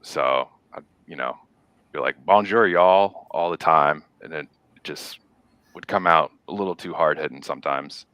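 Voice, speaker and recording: Deep smooth-voiced Southern man. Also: pushed and bright, no echo. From American South. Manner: halting, restarts sentences. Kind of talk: casual chat.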